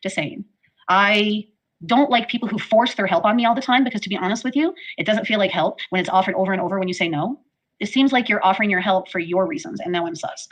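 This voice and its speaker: A woman hosting a casual livestream, rambling and apologetic, her talk full of fillers. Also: mid-range voice. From Canada. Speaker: livestream host.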